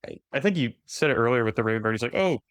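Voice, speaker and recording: Lively podcast guy chiming in. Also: medium pitch, very fast, dry recording, clean studio sound. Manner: chimes in with short agreements and laughs. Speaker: podcast co-host. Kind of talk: casual chat.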